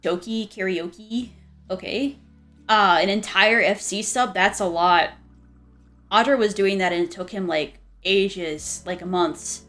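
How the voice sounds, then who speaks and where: A woman's voice: medium pitch, a little slow, a bit bright, soft background music. A young woman streamer chatting casually, rambling with many restarts and frequent giggles. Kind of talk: casual chat.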